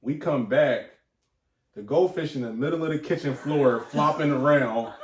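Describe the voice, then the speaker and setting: A man's voice: mid-range voice, normal speed, roomy sound, crowd noise. A young man co-hosting a casual podcast, telling stories animatedly, swearing and laughing as he goes. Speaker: podcast co-host. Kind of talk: casual chat.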